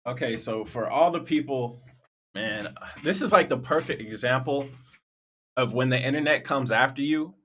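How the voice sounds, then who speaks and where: A man with a bright, forward voice talks through a reaction video in a loose, chatty way. He addresses his viewers casually and directly. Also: medium pitch, moderate pace.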